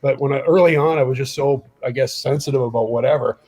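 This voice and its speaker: A man's voice: mid-range voice, fast, rough recording. A middle-aged man from Canada, a guest telling stories in a casual interview and acting out the lines he quotes. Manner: animated storyteller who acts out quoted lines. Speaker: guest, former hockey player.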